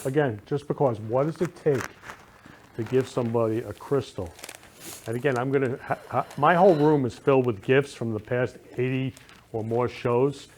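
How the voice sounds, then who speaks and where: A man hosts a casual live talk show, gushing and sentimental, showering guests and viewers with affection while sounding emotional and near tears. His mid-range voice is a little mellow at a moderate pace, with a little hiss or hum in the audio.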